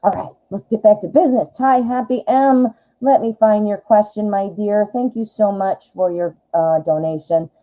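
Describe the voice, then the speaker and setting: A woman's voice: medium pitch, normal speed, warm tone, low-quality recording. A woman in her forties with a Midwestern American accent, chatting in a rambling, self-deprecating way while doing a live tarot reading. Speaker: tarot reader.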